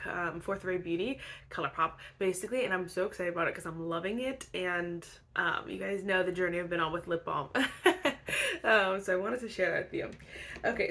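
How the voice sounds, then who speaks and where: A woman's voice: mid-range voice, a bit bright. A young woman chatting casually as a beauty vlogger, bubbly and full of fillers, sounding a bit stuffy and congested. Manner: bubbly, chatty, filler-heavy with frequent laughs. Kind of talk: casual chat.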